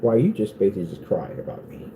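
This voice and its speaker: Lowish and sing-song, this man's voice moves fast over background noise. He runs a small business and rambles casually in a workshop vlog, taunting critics and mocking haters in that sing-song voice.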